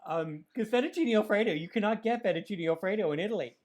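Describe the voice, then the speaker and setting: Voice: medium pitch, fast talker, a little mellow, a little hiss or hum. A drag show host in casual banter, campy and teasing, calling people darling and baby.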